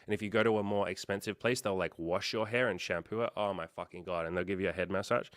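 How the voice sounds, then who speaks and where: A dating coach with a low-pitched, fairly bright voice hosts a casual livestream, talking straight to viewers fast and with fairly even intonation. He's candid and unfiltered, rambling through stories with loads of fillers and the odd curse. The sound is dry and close, with no echo or room around it.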